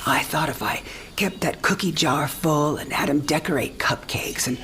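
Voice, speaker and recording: An actress playing an elderly mother on her last night alive, wry, teasing and frank, often speaking softly in a game cinematic. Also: low voice, moderate pace, whispered, faint music behind. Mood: reflective. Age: older. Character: dying elderly mother, warm, sharp-witted, frank. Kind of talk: video game cinematic drama.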